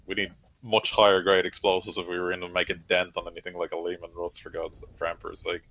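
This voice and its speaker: A bitter soldier who gripes about everything , voiced by a man. Low, dull-sounding voice, sarcastic and sour, in a lo-fi recording. Sounds close to an everyday talking voice. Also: completely flat delivery, fast talker, bright, forceful tone, full character voice. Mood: grumbling. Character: grumbling male soldier, constant complainer.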